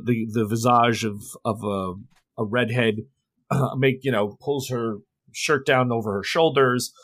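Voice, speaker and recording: A man's voice: mid-range voice, a bit bright, no room sound. A man narrating a tabletop horror game as game master, rambling with many restarts.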